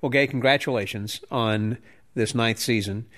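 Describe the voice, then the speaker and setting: A man's voice: medium pitch, moderate pace. A man hosting an interview podcast, asking easygoing questions and wrapping up the talk with his guest. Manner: relaxed, prompts with short questions and backchannels. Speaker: podcast host. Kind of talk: interview conversation.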